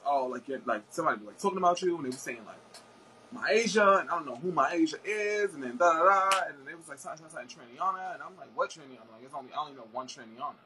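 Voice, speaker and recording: A man's voice: a little high, animated, very fast, sharp tone, low-quality recording. A man chatting as a guest, telling a story in a rambling way with many fillers and restarts. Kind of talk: casual chat.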